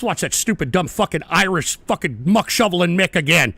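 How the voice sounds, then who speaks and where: A man's voice: high voice, expressive, a little fast, gravelly, few pauses, sharp tone, breathy edge, no room sound. A man hosting a live-stream show, reading chat messages and answering them with profane, combative rants. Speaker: livestream radio host.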